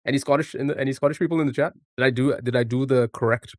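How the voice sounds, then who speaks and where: This man speaks at a medium pitch with fairly even intonation, firing words off rapidly, captured dry with clean studio sound. He's live-streaming a word game, chatting casually and jokingly with his chat, answering them back and swearing now and then.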